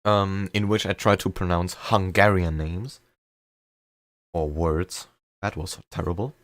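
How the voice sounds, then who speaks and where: Streaming a game live, this young man speaks in a low-pitched voice with a slight German accent, chatting loosely, wandering off topic a little and frequently putting himself down. The recording is dry and clean, like a studio.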